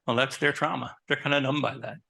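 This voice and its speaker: Therapist type, male, husky and pushy delivery, quizzes the crowd, chatty anecdotes. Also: medium pitch, fast talker. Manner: animated, asks the audience questions; personal anecdotes, conversational. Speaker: therapist giving a talk. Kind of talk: live presentation to an audience.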